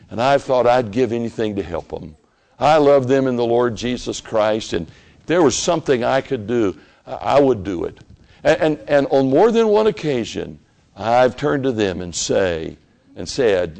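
A man preaching a sermon in an animated way, rising into emphatic bursts and often restarting his phrases. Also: on the low side, gravelly.

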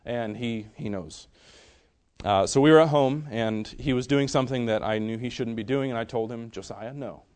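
A young man preaching a sermon in an earnest way, swinging from loud emphasis to soft, hushed storytelling. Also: medium pitch, normal speed, smooth.

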